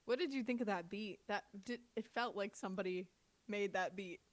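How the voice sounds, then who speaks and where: A woman co-hosting a live music review, joking and giggling, with quick agreeing asides. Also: mid-range voice. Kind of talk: casual live-stream review chat.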